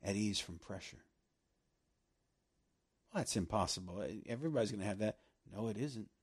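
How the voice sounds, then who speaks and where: A man preaching a sermon, animated and laughing often, slowing right down to stress scripture. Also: fairly low pitch, slightly rough.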